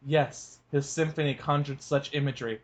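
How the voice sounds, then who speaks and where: A man's voice: mid-range voice, steady tone, moderate pace. Joking male fanfic review co-host. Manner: joking, laughs often. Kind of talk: casual chat and fanfic reading.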